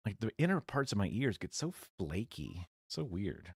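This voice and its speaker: Low-voiced man rambling on a live stream. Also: big pitch swings, normal speed, heavy background noise. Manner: rambling, chuckles at what he watches. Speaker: streamer reacting to a video. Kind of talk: casual live-stream commentary.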